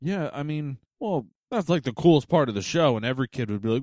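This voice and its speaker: A man's voice: mid-range voice, expressive, fast talker, a little mellow, no echo, clean studio sound. A man co-hosting a podcast, casually chatting in teasing, jokey banter. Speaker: podcast co-host. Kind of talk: casual chat.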